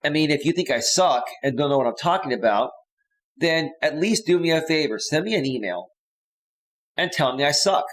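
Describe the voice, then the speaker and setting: A man's voice: a little high, lively intonation, moderate pace, low-quality recording. A man hosting a live coaching stream, chatting casually with viewers and reading their comments, sighing now and then. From San Francisco Bay Area. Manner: chatty, talks straight to viewers, drops to soft sighs.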